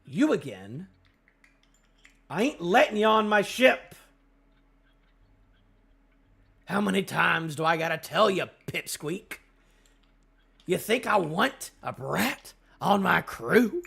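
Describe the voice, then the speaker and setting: A man voicing a brash, scheming male pirate captain in a put-on British accent, gruff and boastful. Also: high-pitched, very animated, slow pace, a bit bright, exaggerated voice. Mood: scornful.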